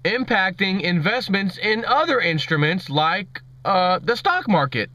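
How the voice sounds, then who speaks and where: Guy ranting sarcastically on his vlog, bright voice a bit high, dull lo-fi sound. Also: animated, a little slow. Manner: sarcastic, mocking. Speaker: vlogger. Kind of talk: ranting commentary.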